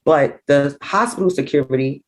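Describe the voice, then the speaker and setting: A middle-aged woman, a grieving mother recounting events in an interview, animated and acting out what people said. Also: deep voice, moderate pace, poor audio. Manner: animated, acts out quoted dialogue. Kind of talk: emotional personal storytelling.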